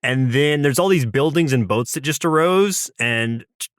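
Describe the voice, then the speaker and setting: A man talks through a cartoon episode on a podcast, casual and reflective, often restarting a sentence. His voice sits at an ordinary middle pitch. The sound is dry and close, with no room behind it. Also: lively intonation, moderate pace, fairly bright tone, no room sound. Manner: thoughtful, recaps episodes, frequent restarts. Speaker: podcast co-host. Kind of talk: casual chat about cartoons.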